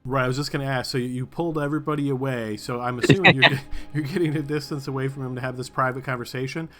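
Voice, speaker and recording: A man running a tabletop game as game master, describing scenes at a halting pace with fillers. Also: medium pitch, steady tone, sharp tone, soft background music.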